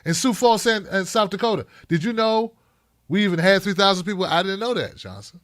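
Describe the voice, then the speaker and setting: Middle-aged guy ranting live on his stream, high bright voice, real dry close mic. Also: animated, a little fast, no room sound. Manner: fired-up, blunt, profane, talking to chat by name. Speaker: show host reading live chat. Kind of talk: live-stream talk show commentary.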